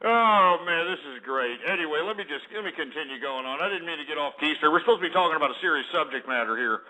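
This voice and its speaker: A man's voice: a little high, lively intonation, quick pace, bright, forceful tone, poor audio. A man hosting a comedic call-in show, with brash, mocking, boastful shock-jock patter. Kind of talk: comedic call-in radio parody.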